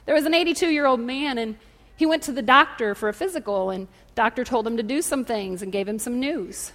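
A woman pastor preaching a sermon, telling stories with lively asides and calling out to the congregation in a church. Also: fairly high pitch, a little fast. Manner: animated storytelling with audience call-outs. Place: church hall. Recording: echoey hall.

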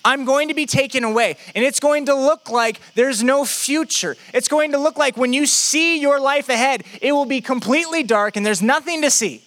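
Man doing a reassuring teacher, earnest, bright and high-pitched. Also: moderate pace, few pauses. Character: calm reassuring male teacher comforting friends.

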